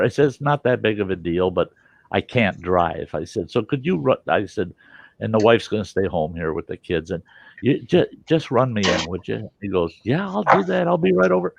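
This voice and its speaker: A man casually telling a story in a profane, animated way and acting out the people in it. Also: on the low side, highs cut off, slight background noise.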